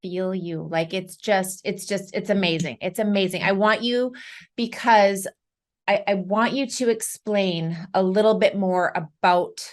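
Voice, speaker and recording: A woman's voice: medium pitch, steady tone, measured pace. A woman hosting a casual interview, gushing with enthusiasm and praise for her guest. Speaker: podcast host.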